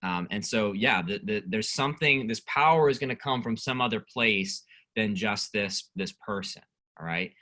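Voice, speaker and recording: A man's voice: fairly low pitch, normal speed, bright, forceful tone. A male youth pastor teaching a casual Bible study, reading scripture aloud and asking the group questions.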